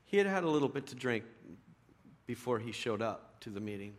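A middle-aged man preaching a sermon in a conversational storytelling way, dropping to a hush and rising to loud emphasis. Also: mid-range voice, very animated, a little fast. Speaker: pastor.

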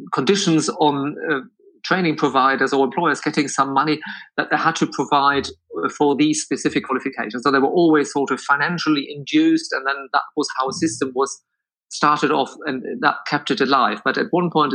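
A man from Germany, a guest in an interview, explaining in a measured way with frequent restarts. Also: mid-range voice, a bit bright, rough recording. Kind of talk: conversational interview answers.

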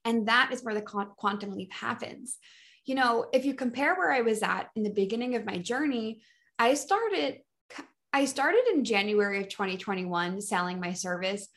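A woman's voice: on the high side, moderate pace, a bit bright. Enthusiastic woman business coach. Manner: enthusiastic, emphatic, restarts often. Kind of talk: motivational solo talk.

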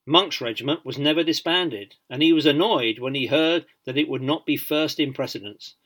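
A man narrating a biography in an audiobook, measured and dryly humorous. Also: a little high, fairly bright tone.

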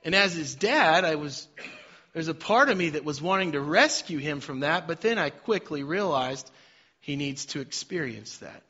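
A man's voice: on the high side, animated, moderate pace, breathy edge. Middle-aged male preacher, storytelling then emphatic, slightly dull recording. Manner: swings from quiet storytelling to loud emphatic preaching. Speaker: pastor. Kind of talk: sermon. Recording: slightly dull sound with faint music behind.

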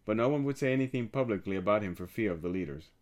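A man reading a passage of scripture aloud in a measured, steady way. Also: on the low side. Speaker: scripture reader.

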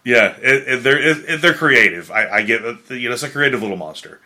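Very bright-voiced, halting podcast guest. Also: male voice, mid-range voice, lively intonation. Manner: halting, stumbles over restarts. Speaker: podcast co-host. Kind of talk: casual movie review chat.

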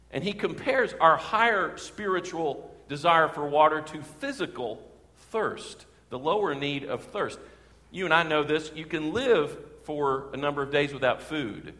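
A man preaching a sermon as a pastor, talking warmly and building to emphatic peaks on key phrases. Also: a little high, expressive, normal speed. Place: church sanctuary. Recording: reverberant church sanctuary.

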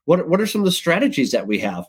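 Husky, lively male podcast guest. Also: fast talker. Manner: lively, jumps up in pitch when excited. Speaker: guest, sales director. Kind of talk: casual podcast storytelling.

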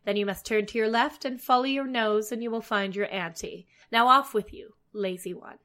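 A woman's voice: medium pitch, steady tone, fairly quick, close to an everyday voice. A woman voicing a cruel stepmother in a storybook reading, bossy and scornful. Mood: scolding. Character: cruel stern stepmother, scolding and harsh.

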